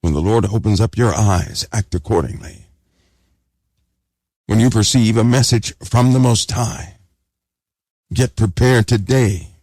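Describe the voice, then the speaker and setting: A man's voice: lowish voice, unhurried, long pauses, darkish tone, no echo, studio quality. A man preaching an urgent sermon, exhorting listeners and repeating phrases for emphasis.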